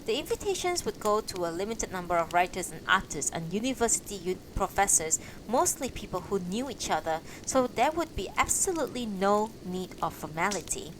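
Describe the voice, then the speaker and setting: Female streamer-reader, expressive and animated, casual asides, faint room hum. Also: medium pitch, brisk, few pauses. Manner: expressive reading broken by casual, profane asides. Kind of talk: live-streamed novel reading.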